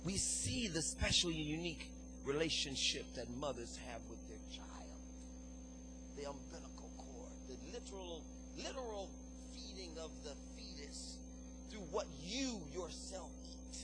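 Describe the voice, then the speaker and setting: A man's voice: a little high, expressive, measured pace, loud music behind the voice, poor audio. A man preaching an impassioned sermon to his congregation, calling out to the listeners. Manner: impassioned preaching, call-and-response. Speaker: pastor.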